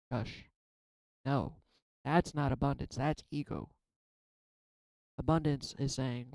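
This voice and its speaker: A man's voice: mid-range voice, fairly even intonation, slow pace, long pauses, a little mellow, no echo, rough recording. A man in a casual spiritual vlog, pulling and reading oracle cards, talking in a reflective and rambling way, emotional and swearing now and then. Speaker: tarot card reader.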